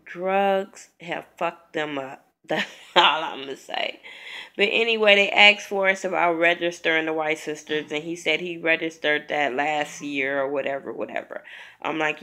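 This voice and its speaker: A woman's voice: sits low, normal speed, sharp tone. A woman vlogger, sick, giving a blunt, profane, chatty review. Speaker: vlogger reviewing a reality show. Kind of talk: casual spoken review.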